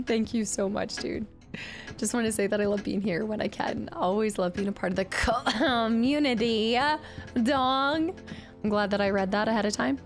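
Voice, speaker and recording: A woman livestreamer chatting casually while playing a game, gushing and excitable, thanking viewers by name. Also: a little high. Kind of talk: casual game stream chat.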